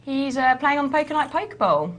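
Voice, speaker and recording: A woman's voice: sits high, expressive, brisk. A woman co-hosts live poker commentary, keeping a playful, banter-filled manner. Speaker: poker co-host.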